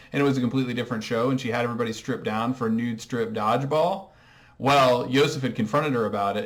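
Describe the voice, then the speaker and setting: A man hosting a comedic TV recap monologue, talking in a dry, sarcastic way. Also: medium pitch. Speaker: recap host.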